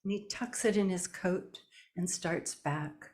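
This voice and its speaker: A woman telling a folk tale live, slow and deliberate with long pauses. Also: on the low side, darkish tone. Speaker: storyteller. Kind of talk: live oral storytelling. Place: storytelling event indoors.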